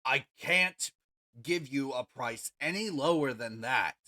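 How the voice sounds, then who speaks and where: A game master voicing a shouting orc shopkeeper. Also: medium pitch, expressive, takes it slowly. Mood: exasperated. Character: male orc shopkeeper, exasperated and loud.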